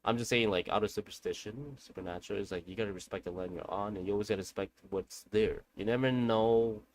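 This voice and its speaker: A man's voice: on the low side, steady tone, fast. A man streaming a game who tells a long story in casual, rambling talk, with slang and swearing, addressing his viewers directly.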